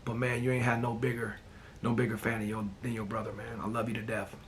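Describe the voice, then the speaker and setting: A man hosting a casual talk show, telling personal stories in a relaxed way and often repeating "man" and "you know.". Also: mid-range voice, fast talker, slight background noise. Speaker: host.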